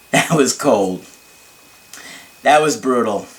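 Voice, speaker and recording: A man working as a relationship coach, reading a viewer's letter aloud and answering it. He jokes and laughs at himself, then turns earnest when he explains. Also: medium pitch. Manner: joking and self-mocking, laughing at his own asides.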